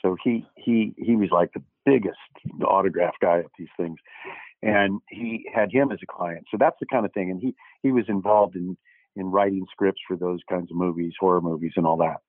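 An older man, an actor guest, telling lively anecdotes and acting out the dialogue, with many false starts. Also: sits low, moderate pace, no echo. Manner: animated storyteller who acts out quoted dialogue, with frequent restarts. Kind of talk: anecdotal interview storytelling. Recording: dry, tinny phone-like line.

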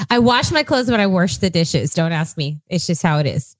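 A woman's voice: lowish voice, expressive, measured pace, no room sound. A woman from South Texas with a South Texas accent, co-hosting a casual chat and laughing often. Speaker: co-host. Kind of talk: casual banter.

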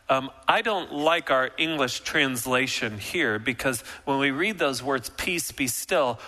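Bright-voiced preaching man. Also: on the high side, rough recording. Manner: animated, emphatic preaching with acted-out quotes; drops to soft, slow delivery for reflective points. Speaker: pastor. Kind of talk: sermon.

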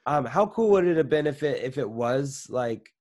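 A man's voice: mid-range voice, expressive, normal speed, a little mellow. A man chatting casually about a film, joking around and cutting in on his co-host. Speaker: podcast co-host. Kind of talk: casual movie review chat.

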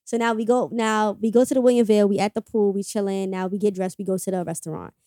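A young woman telling a personal story as a podcast guest, animated, swearing freely and acting out the quotes. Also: mid-range voice, fast talker, dry recording, studio quality. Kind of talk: casual storytelling.

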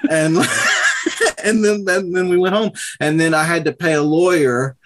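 A man's voice: fairly high pitch, measured pace, very noisy. Profane man telling a wild story. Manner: profane, animated retelling with quoted voices. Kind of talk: casual chat, telling a story.

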